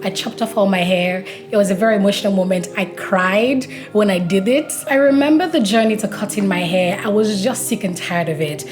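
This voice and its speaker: A woman's voice: mid-range voice, normal speed, few pauses, over music. A young woman from Nigeria talking casually to camera in a vlog, telling stories and acting out what people said. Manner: chatty storytelling that acts out quoted dialogue. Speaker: vlogger.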